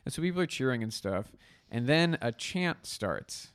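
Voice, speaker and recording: A man's voice: medium pitch, very animated, normal speed, a bit bright. A man guesting on a podcast, a comedian telling rambling anecdotes in casual chat.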